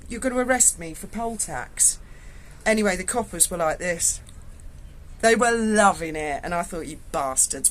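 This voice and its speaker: A woman's voice: lowish voice, fairly bright tone, slight background noise. Chatty woman telling a story. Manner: chatty, frank and salty, with swearing. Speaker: vlogger. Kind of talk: casual storytelling to viewers. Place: indoors at home.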